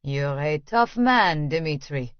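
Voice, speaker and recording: A woman puts on a leering, wealthy man with a faint French accent, smooth and insinuating. His voice sits low and unhurried. The recording is dry and a little dull. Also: animated, dry recording.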